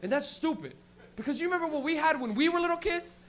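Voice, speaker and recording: A man with a high voice works a small comedy room. His stand-up is loose and full of swearing, and he jumps into little acted-out bits. He grew up in Canada. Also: fast talker. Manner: loose, profane, animated storytelling with acted-out bits.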